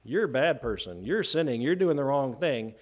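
A man preaching an expository sermon. He talks conversationally, often checks in with "right?", slows down for emphasis and climbs in pitch and volume when he acts out quotes. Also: animated. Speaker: pastor.

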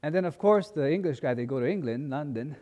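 Male preacher, animated storyteller, reverberant church hall. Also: a little high, fast. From grew up as a missionary kid in a mission. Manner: animated storyteller, acting out voices in quotes. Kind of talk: sermon with personal storytelling.

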